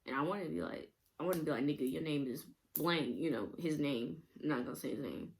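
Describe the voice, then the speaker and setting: Young woman, vlogger, rambling casual storytime, frequent laughs, filler words, fry in voice. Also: low voice, expressive, fast.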